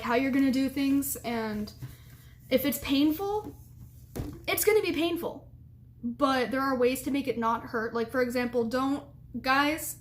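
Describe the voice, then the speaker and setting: A woman's voice: sits high, a little hiss or hum. A young adult woman giving casual advice to camera, chatty and rambling with lots of fillers and giggles.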